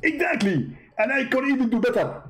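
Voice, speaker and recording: A man doing a mocking impression of a boastful, taunting male preacher in a high voice. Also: animated, a bit bright, poor audio. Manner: boastful, taunting, fast rambling.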